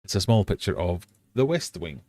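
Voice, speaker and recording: Low-voiced British man hosting a quiz. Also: lively intonation, moderate pace, a little mellow, dry recording. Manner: playful, jokey, laughs at himself. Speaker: live stream host. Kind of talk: casual quiz chat. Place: home fish room.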